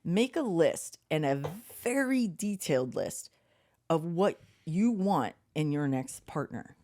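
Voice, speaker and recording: A woman's voice: sits low, slow pace. A woman co-hosting a podcast, chatting casually and telling stories, acting out quotes and swearing freely. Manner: animated storyteller, swears freely, acts out quotes. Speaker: podcast co-host.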